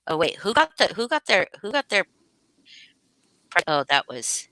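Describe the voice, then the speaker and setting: Bright, crisp-voiced woman chatting casually. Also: mid-range voice, very animated, normal speed, no echo. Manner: greets chat names, swears freely. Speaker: livestream host. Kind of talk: casual livestream chat.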